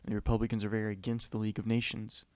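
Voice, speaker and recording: An American man giving an informal history lecture with a lowish voice, talking loosely and conversationally. The recording is dry and close, with no room sound. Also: monotone, racing, darkish tone, no echo. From United States. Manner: conversational, loose, with many "you know" fillers.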